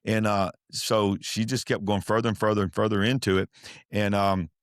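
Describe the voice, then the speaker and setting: Middle-aged man, very low voice, earnest storyteller who restarts a lot, dry close recording. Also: little pitch movement, clear, resonant tone, no room sound. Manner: earnest, halting with many restarts and fillers. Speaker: pastor, podcast guest. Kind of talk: casual storytelling interview.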